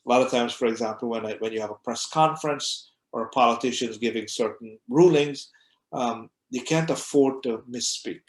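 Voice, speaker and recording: A man's voice: medium pitch, fairly quick. A man, an imam, teaching a class in a conversational way, often repeating words as he goes and acting out short examples. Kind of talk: conversational lecture. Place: mosque classroom. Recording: echoey room.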